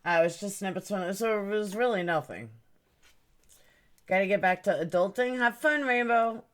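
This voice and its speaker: A woman's voice: medium pitch, moderate pace. A woman hosting a casual livestream, rambling about her stream settings and greeting viewers by name. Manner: puzzled, fiddling with stream settings. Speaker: livestream host.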